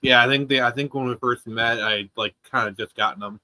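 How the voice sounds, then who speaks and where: A man co-hosting a casual podcast chat, soft-spoken and halting. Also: medium pitch, fairly even intonation. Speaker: co-host.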